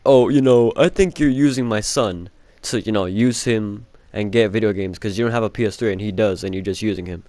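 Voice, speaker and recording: A man's voice: on the low side, a little fast, a little mellow, dry recording, close to an everyday voice. A young man voicing a suspicious, rude middle-aged father who speaks in a curt, accusing way.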